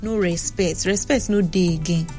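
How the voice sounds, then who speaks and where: A young Nigerian woman hosting a radio talk show, chatting and telling stories in an animated way on a studio mic. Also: fairly low pitch, normal speed, faint music behind. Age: young adult. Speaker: radio host. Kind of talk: casual radio talk and storytelling. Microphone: studio microphone.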